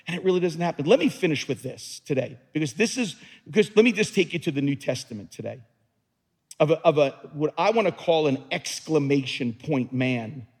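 Man preaching with big pitch swings. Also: slightly rough. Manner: dramatic preaching, rising to near-shouts on key words. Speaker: pastor. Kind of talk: sermon. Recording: long hall reverb.

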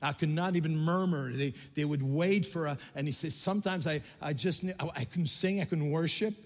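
Older pastor from Quebec, fairly high voice, impassioned sermon with stammered restarts. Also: male voice, brisk, long reverb tail.

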